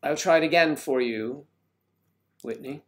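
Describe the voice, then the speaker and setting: A man's voice: fairly high pitch, a little slow. An older man hosting a casual livestream, greeting viewers by name and rambling while he fumbles with his equipment. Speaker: livestream host.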